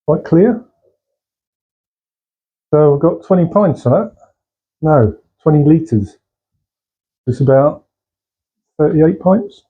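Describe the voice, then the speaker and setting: A man chatting casually as he brews and pours his own beer in a home bar shed, relaxed and asking tag questions. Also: a little high, slow, long pauses, slightly rough, narrow, tinny audio. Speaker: home brewer. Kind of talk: casual how-to chat. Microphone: camera mic, held by a helper.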